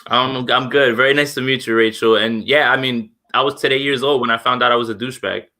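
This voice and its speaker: A man from the United States, a guest on a sports chat, talking in a rapid way with many fillers. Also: mid-range voice, steady tone, pushed and bright. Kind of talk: casual chat.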